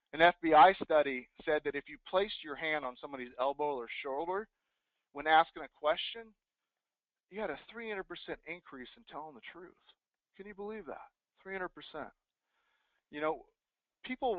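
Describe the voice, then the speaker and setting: Energetic man giving a sales talk, thin sound. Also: on the high side, no echo. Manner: energetic, acts out sample phone scripts. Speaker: real estate team leader and speaker. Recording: dry, phone-like thin sound.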